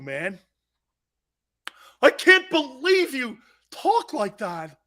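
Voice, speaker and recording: Male sports talk host, loud and excitable, bright gravelly voice with big pitch swings. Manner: loud, laughing, shouting, mocking asides. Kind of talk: energetic sports talk rant.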